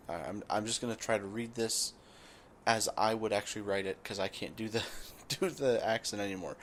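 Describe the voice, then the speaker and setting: A man hosting a let's play, giving relaxed game commentary and thinking aloud with fillers. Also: lowish voice, moderate pace, slight background noise.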